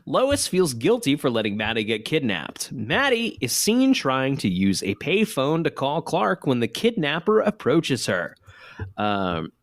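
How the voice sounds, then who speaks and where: Podcast guy recapping a show, super animated voice, laughs a lot, dry mic. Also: medium pitch, a little slow, dry recording. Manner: lively, jokey, laughs often. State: hiccuping. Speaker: podcast co-host recapping episodes. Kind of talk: casual chat.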